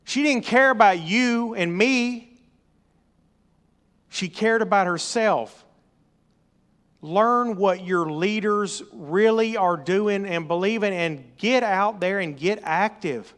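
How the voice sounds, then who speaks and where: Middle-aged man, preaching a sermon, slightly high voice, emphatic and exhorting. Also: slow pace. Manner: emphatic, rising to loud exhortation. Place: church or meeting hall.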